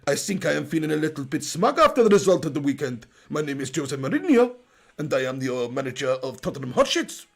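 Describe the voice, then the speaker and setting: A man with a sore throat doing a lowered impression of a smug middle-aged football manager with a put-on Portuguese accent. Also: sing-song, fast talker, gravelly, exaggerated voice. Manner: smug and mock-formal.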